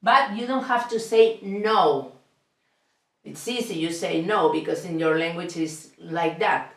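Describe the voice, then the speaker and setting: A woman teaching a beginner language lesson, speaking slowly and deliberately and repeating each sound with frequent checks for understanding. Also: on the low side, a bit bright, far from the mic. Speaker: Spanish teacher. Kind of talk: slow step-by-step language lesson. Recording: echoey room, voice off the mic.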